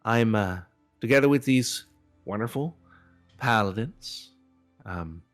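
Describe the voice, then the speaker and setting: A man voicing a warm, radiant middle-aged woman priestess in a put-on Southern American accent, speaking gently and a little preachy. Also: fairly low pitch, close to an everyday voice.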